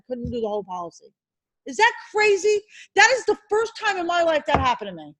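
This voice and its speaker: A high-pitched woman leads a classroom review, her delivery brisk and insistent. She keeps throwing quick questions at the students and stresses the key points firmly. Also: poor audio. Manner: emphatic and animated. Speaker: insurance licensing instructor.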